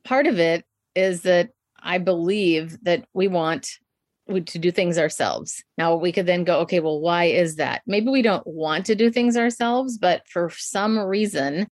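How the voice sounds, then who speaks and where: Middle-aged female guest, communication coach, reflective, quick to laugh, dry close sound. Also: lowish voice, a little mellow, no echo. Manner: thoughtful, laughs often, reflective. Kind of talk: conversational interview.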